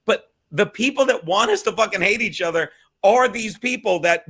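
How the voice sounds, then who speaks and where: A man rambling in casual podcast chat, profane, with halting restarts. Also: sits high, a bit bright, breathy edge.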